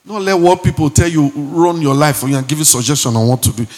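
A man with a Nigerian accent preaching a sermon as pastor, animated and dropping into Pidgin asides and acted-out quotes. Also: fairly high pitch, quick pace. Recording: long hall reverb.

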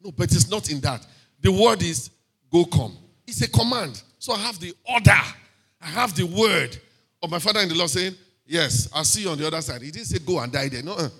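A man with a Nigerian accent giving a sermon testimony in church, lively and sprinkled with hallelujahs and pidgin asides. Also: sits high, a little fast, slightly rough. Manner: lively, punctuated by frequent hallelujahs and amens. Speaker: preacher sharing a testimony.

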